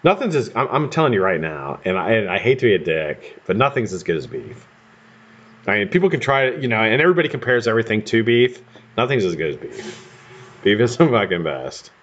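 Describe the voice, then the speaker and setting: A man's voice: on the low side, very animated, brisk, a bit bright, slight background noise. An American man hosting a live stream, chatting casually and rambling with casual swearing while he builds coils. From United States. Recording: dull lo-fi stream audio.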